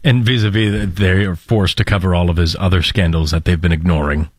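A man co-hosting a political chat, adding brief, low-key remarks. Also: steady tone, brisk, no echo, studio quality.

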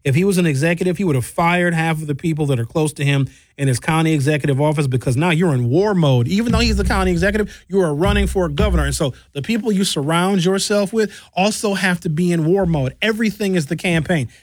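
A man hosting a radio talk show and podcast, outspoken and animated, telling stories and giving blunt opinions. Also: fairly high pitch, quick pace, few pauses, dry recording, studio quality.

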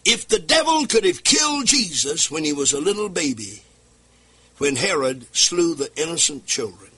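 A man preaching a fiery sermon, rising to shouted climaxes and building rhythm through repeated phrases. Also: a little high, sing-song, moderate pace, slightly rough.

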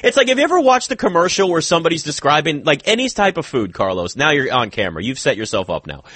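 Sports talk radio guy, husky voice, pitch jumps all over, dry close studio sound. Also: fast talker, no echo. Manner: animated, opinionated, rambling with restarts. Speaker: sports talk show host.

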